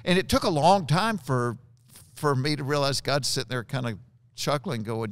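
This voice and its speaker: A man in his sixties with a drawl tells stories with lively energy and acts out the people he quotes. His voice sits in an ordinary middle register. The recording is close and dry, with no room sound. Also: medium pitch, moderate pace, smooth, no echo. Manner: animated storyteller acting out quoted voices. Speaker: guest. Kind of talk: storytelling in conversation.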